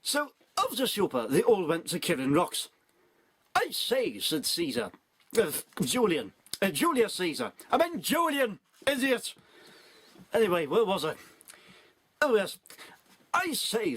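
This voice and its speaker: A man's voice: high voice, huge pitch swings, a little slow, a bit bright, breathy edge, no room sound, full character voice. A man playing a muddled, pompous old male showbiz has-been who reads his own children's story aloud. He keeps getting words wrong, corrects himself, and mutters irritable asides. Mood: muddled, tetchy. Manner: bumbling, forgetful, constant malapropisms and self-corrections; easily irritated, grumbling asides. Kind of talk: comic character reading of a parody children's story.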